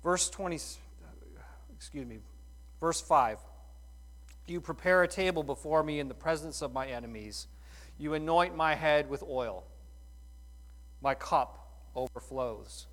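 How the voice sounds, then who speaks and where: A middle-aged man preaching a sermon in a folksy, animated way, full of rhetorical questions. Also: fairly high pitch, measured pace, long pauses. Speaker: pastor.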